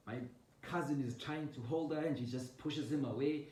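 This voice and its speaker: A man casually telling a personal family story, animated and laughing, acting out the scenes with sound effects. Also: moderate pace. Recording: roomy echo, distant mic, low rumble.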